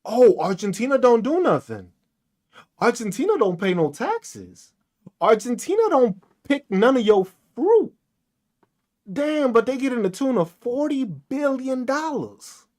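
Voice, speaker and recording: A podcast host ranting solo in a loose, profane monologue. He fires off mocking rhetorical questions, and his pitch swings widely from low grumbles to high jabs. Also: darkish tone.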